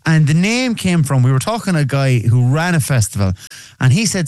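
An Irish man, a radio guest and festival organiser, telling stories in a lively, joking way. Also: a little high, brisk, no room sound. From Ireland. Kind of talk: casual radio chat.

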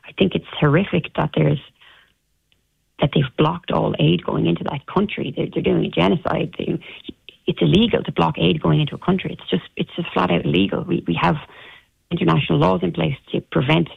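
An Irish woman, an interview guest, recounting an ordeal in a halting way with many restarts, heard over a tinny phone line. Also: deep voice, fairly even intonation, gravelly, breathy edge, dry recording. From Ireland.

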